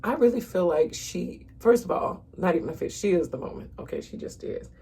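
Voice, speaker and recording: A woman's voice: on the low side, big pitch swings, brisk, warm tone, breathy edge. A woman in her thirties chatting casually to viewers while she walks through a makeup tutorial at home. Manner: chatty, talks straight to viewers as "y'all". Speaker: makeup vlogger.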